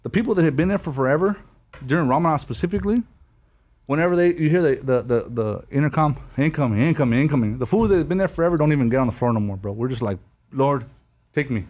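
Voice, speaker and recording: A man's voice: a little high, expressive, fast talker, a little mellow. A man in his thirties casually telling stories, heavy with slang and swearing, laughing as he goes. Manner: slangy, profane, storytelling with laughs. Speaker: guest telling war stories. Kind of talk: casual podcast chat.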